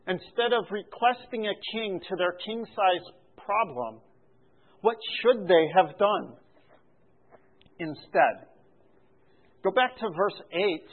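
Man preaching, high voice, slow deliberate delivery, tinny phone-like sound. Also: animated. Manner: slow, deliberate teaching with rising emphasis on refrains. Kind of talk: sermon.

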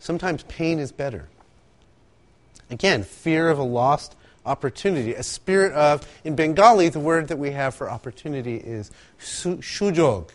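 A man preaching a sermon, telling stories with animated asides and acting out quotes. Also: a little high, normal speed. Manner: animated storytelling, acts out quotes, laughs often. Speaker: pastor.

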